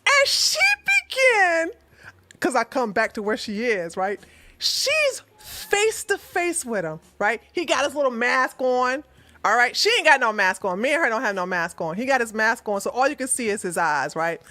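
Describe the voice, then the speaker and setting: A woman host telling a story casually to camera, chatty and animated, acting out what people said. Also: fairly high pitch, moderate pace, no echo. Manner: animated, chatty, breaks into laughter, acts out quotes. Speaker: channel host.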